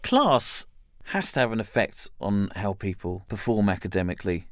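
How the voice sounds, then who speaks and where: Stand-up man, wry and measured, faint music behind. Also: on the low side, big pitch swings, no echo, studio quality. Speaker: stand-up comedian. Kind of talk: stand-up routine.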